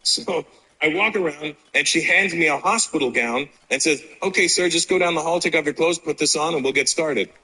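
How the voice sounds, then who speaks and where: A man's voice: on the high side, brisk, pushed and bright, breathy edge, rough recording. A man doing a stand-up comedy set in front of a live audience, telling a brash, profane story full of acted-out dialogue.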